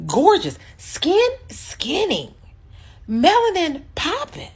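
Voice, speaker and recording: Woman, breathy and bouncy, hyping people up slow and drawn out. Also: mid-range voice, sing-song, fairly bright tone. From United States. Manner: effusive and gushing, full of slang. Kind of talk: casual social media video.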